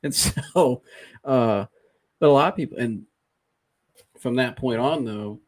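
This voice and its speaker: A man hosting a podcast, casually and candidly retelling a personal experience in an animated, conversational way. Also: mid-range voice, slow pace. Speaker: podcast host.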